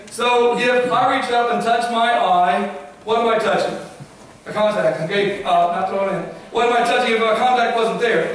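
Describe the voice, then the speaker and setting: In a church hall, a middle-aged male guest speaker with a high-pitched voice gives a lively science talk to a congregation. He quizzes them constantly, tossing out "okay?" and "right?" again and again. The audio is picked up from far off in a very echoey hall.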